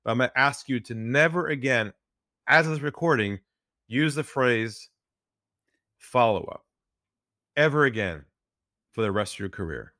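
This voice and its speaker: A man's voice: expressive, normal speed, long pauses, pushed and bright, no room sound. Male podcast guest, sales trainer; earnest storyteller, dry booth sound. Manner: earnest, drops his voice low for stories.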